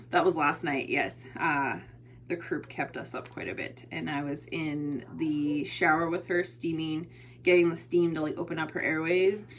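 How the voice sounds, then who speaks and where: A woman's voice: deep voice, steady tone, unhurried, slight background noise. A tired woman hosting a casual motivational livestream, chatty and rambling, often restarting her sentences. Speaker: motivational host and online entrepreneur.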